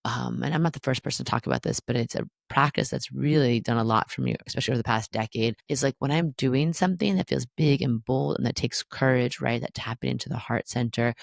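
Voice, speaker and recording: A man talks straight into a close podcast mic, his voice gravelly with fry at the ends of phrases. He gives casual spiritual guidance in a chatty, playful way, full of likes and rights, with some cheeky swearing. The sound is dry and close. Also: medium pitch, no room sound. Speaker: astrologer podcast host.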